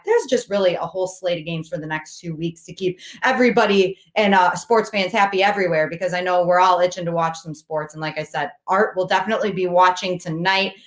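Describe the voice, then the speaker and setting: Woman, sports show host, upbeat, promotional, mid-range voice. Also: fairly low pitch. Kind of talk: casual sports talk.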